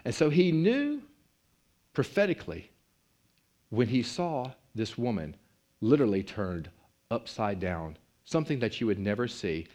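A man preaching a sermon, telling a story with big swings in pitch and loudness. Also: sing-song, measured pace, long pauses.

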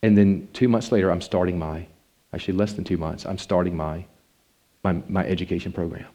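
A man preaching a sermon with a personal story, his delivery climbing into passionate pleading and sinking back low. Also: a little fast. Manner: animated, rising to passionate pleading then dropping low.

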